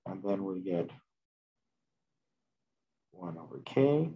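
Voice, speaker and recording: A man lectures a chemistry class, talking slowly through a calculation and catching his own mistakes along the way. His voice sits a little low. The classroom recording sounds dull and lo-fi. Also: lively intonation, slightly rough. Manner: slow, thinking aloud while working math at the board, self-correcting. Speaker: chemistry instructor.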